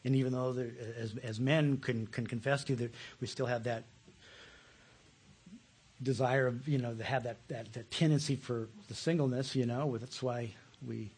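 A pastor, a man preaching a passionate sermon that swings between loud pleas and hushed, soft asides. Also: mid-range voice, steady tone, moderate pace, breathy edge.

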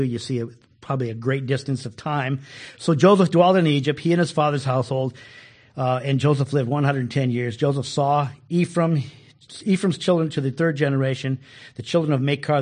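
A man teaching a Bible study in a folksy, animated way, acting out the quoted lines with extra force. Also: mid-range voice.

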